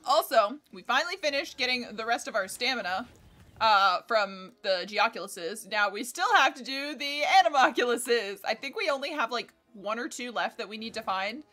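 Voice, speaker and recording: A woman's voice: a little high, lively intonation, moderate pace, pushed and bright. A woman livestreaming a game in casual chat, scattered and swearing as she talks to herself and to the game.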